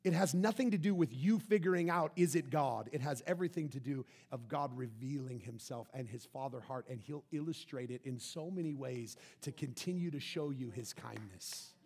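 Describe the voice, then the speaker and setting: A man preaching a sermon, emphatic, rising loud then dropping soft. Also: medium pitch, lively intonation, normal speed, few pauses, husky. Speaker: pastor.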